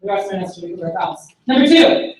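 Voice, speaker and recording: A woman's voice: medium pitch, animated, quick pace, a little mellow. Chatty woman in an echoey hall. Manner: chatty, full of "like" and "you know". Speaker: sales trainer speaking at a conference. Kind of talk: conference talk with anecdote. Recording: very echoey, far from the mic, faint room noise.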